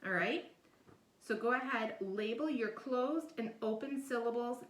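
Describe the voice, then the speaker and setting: A woman's voice: a little high, unhurried, far from the mic. A woman teacher giving a recorded video lesson, explaining patiently step by step and often checking in with "all right?". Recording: echoey room, voice a bit off-mic.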